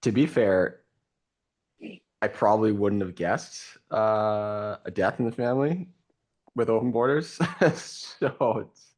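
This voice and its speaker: A man's voice: fairly low pitch, slow, a little mellow. A man hosting a podcast, chatting casually and teasing his co-host.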